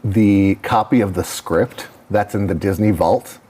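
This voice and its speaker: A man's voice: on the low side, measured pace, dark tone. A man co-hosting a live game stream, chatting in an easygoing, joking way. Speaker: co-host. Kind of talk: casual chat on a game stream.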